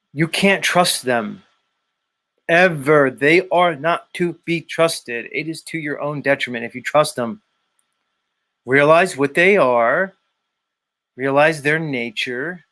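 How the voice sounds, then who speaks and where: A man's voice: fairly high pitch, a bit bright. A man hosting a casual live stream, reading viewer comments aloud and lecturing in a blunt, repetitive, emphatic way. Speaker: show host.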